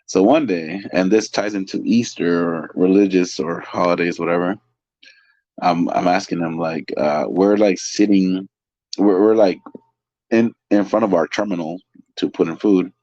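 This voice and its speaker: Deep-voiced, chatty man from California. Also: unhurried, dry recording, lo-fi sound. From California, San Francisco Bay Area. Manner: chatty, loose, lots of fillers and restarts; excitable, laughs through stories. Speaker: interview guest, restaurant waiter. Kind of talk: casual storytelling.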